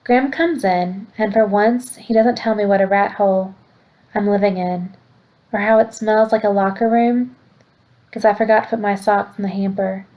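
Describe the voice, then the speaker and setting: A woman teacher reading a novel aloud to a class in a plain, steady storytelling way. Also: medium pitch, normal speed, muffled recording.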